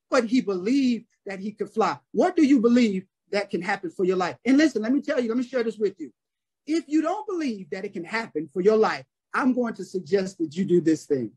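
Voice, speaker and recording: A man's voice: sits high, a little mellow, husky. A man preaching a sermon on a prayer call, telling a story and repeating phrases for emphasis.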